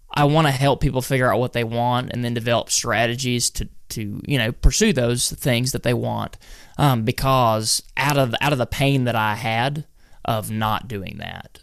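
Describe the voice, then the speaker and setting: Gravelly young North Carolina man. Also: mid-range voice, dry recording, clean studio sound. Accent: North Carolina Southern US. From North Carolina, USA. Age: 20s. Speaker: podcast guest. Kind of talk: casual interview talk.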